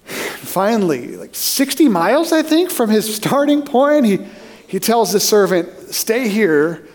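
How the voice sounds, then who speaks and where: A man preaching a sermon as pastor, telling stories with energy and dropping to a hushed voice for emphasis. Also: sits high, a little slow. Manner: animated storyteller who drops to a hushed voice for emphasis.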